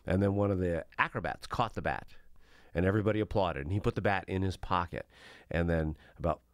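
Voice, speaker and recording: A man co-hosting a podcast, telling stories in an animated way and laughing easily. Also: sits low, fairly quick, dry recording, clean studio sound. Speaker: co-host. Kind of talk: casual chat.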